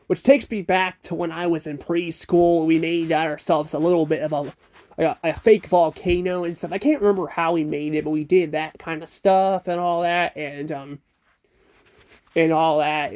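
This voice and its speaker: A man's voice: fairly high pitch, darkish tone. A young man casually ranking children's learning games, hesitant and unsure, with frequent ums and restarts. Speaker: creator ranking educational games. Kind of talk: casual commentary.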